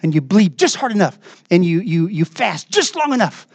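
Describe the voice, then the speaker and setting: A man's voice: high-pitched, very animated, fairly quick, slightly rough, dry recording. Earnest man preaching in a dry sound. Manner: earnest, emphatic, swings between raised and hushed delivery. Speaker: pastor. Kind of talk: sermon. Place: church.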